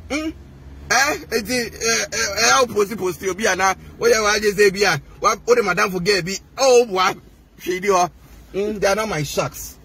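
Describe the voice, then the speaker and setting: A man's voice: sits high, moderate pace, creaky, bright, forceful tone, slight background noise. A man with a Ghanaian accent delivering a heated, mocking rant to the camera, switching between languages. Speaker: social media personality.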